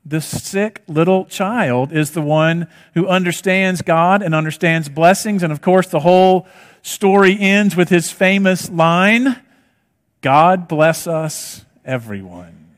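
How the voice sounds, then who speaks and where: A man's voice: high-pitched, fairly even intonation, a little slow. Man preaching in a reverberant hall. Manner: storytelling, rhetorical questions. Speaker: pastor. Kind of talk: sermon.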